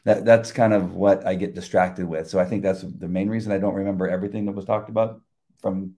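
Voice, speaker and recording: An older man, a retired police officer, talking about faith in a halting, reflective way with many restarts. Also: low voice, fairly even intonation, warm tone. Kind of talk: casual faith conversation.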